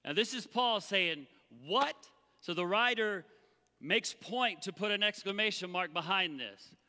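Pastor, male, high and very bright voice, animated sermon, church hall reverb. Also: unhurried. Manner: animated, acts out the Bible voices. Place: church sanctuary.

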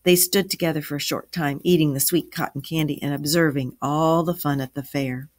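A woman's voice: low voice, fairly quick. Woman reading a story aloud to children. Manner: expressive, lively character voices.

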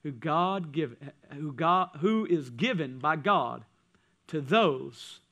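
A man preaching a sermon as pastor, swinging from loud passages to hushed ones. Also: on the high side, lively intonation, slow pace, dull audio. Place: church.

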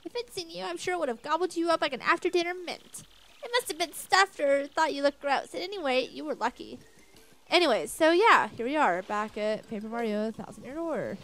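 A bubbly young woman chatting over her video game play. Her voice is high and very animated, bouncing playfully between jokes. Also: fairly quick. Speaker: let's play host. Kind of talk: casual game commentary.

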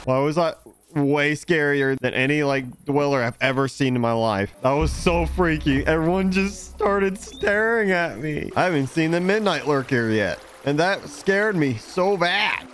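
A man commentating a horror game, jumpy, yelping and shouting when startled. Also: medium pitch, moderate pace, slight background noise. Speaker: gaming YouTuber.

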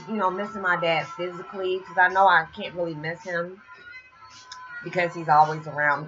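Rambling woman vlogger over loud music. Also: sits low. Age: 40s. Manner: rambling, heartfelt, many fillers. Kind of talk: casual spiritual vlog monologue. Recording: dull lo-fi with loud music behind.

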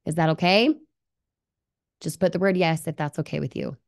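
Hosting a live webinar, this woman speaks at a moderate pace in a low, creaky voice. She's upbeat and persuasive, regularly putting questions to viewers and reading out their comments.

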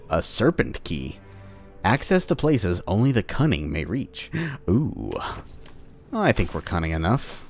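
With a fairly low, somewhat mellow voice, a man plays through a game as a let's-play host, his upper back sore. His commentary is casual, jokingly taunting and teasing the enemies.

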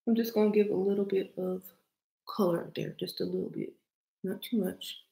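A middle-aged woman with a Southern accent talks viewers through a makeup routine in easy, playful chat. Her voice carries a gravelly fry, and she often slips into low murmured asides between steps. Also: fairly even intonation, moderate pace, warm tone, low-quality recording. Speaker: beauty vlogger. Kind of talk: casual makeup tutorial chat.

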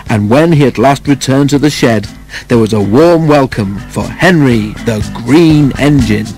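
A man narrating a children's storybook in a steady, even read-aloud manner. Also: mid-range voice, unhurried, over music, rough recording.

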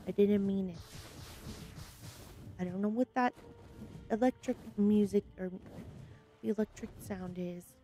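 A woman hosting a solo gaming video, chatting casually through her play with panicky, excitable outbursts. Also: mid-range voice. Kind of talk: casual gameplay commentary.

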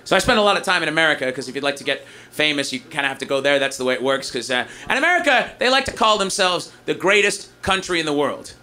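A male stand-up comedian on a live stage, talking fast and swearing a lot, with shouted punchlines. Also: on the high side, animated.

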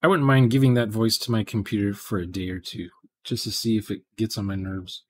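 A man's voice: fairly low pitch, fairly even intonation, fairly quick, a little mellow. Rambling man on a live stream. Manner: rambling, digressive, thinks aloud with restarts. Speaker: live-stream programmer chatting with viewers. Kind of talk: casual live-stream chat.

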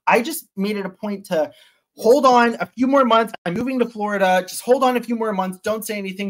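A man as an interview guest, retelling a personal story in an animated, intense way with sudden loud bursts. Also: high-pitched.

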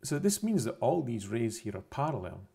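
Guy explaining stuff over pics, kinda raspy and husky, repeats himself a lot. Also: mid-range voice, very animated, normal speed, mellow. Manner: methodical, repeats points, self-corrections. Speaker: science explainer. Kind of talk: unscripted narrated explanation over pictures.

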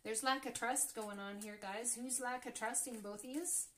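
Woman reading tarot, gets excited and gasps at the cards, kinda high voice. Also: moderate pace. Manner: excitable, gasping and exclaiming over cards. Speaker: tarot reader. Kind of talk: casual tarot reading to camera.

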